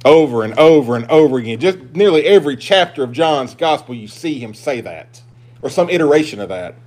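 A male pastor delivers a sermon to his congregation. His preaching is emphatic, swinging from loud, driving declarations down to hushed, confiding asides. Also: fairly high pitch, lively intonation, fairly quick.

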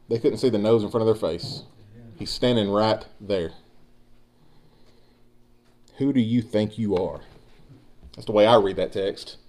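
A man preaching a sermon, building emphasis and speaking directly to his congregation. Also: mid-range voice. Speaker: pastor.

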